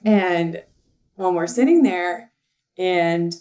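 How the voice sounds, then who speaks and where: A woman's voice: fairly low pitch, very slow, darkish tone. A young adult woman, a podcast guest, chatting casually and telling a story with lots of fillers and laughter. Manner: giggly, rambling storyteller with many fillers. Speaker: guest, assistant and content writer. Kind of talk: casual interview chat.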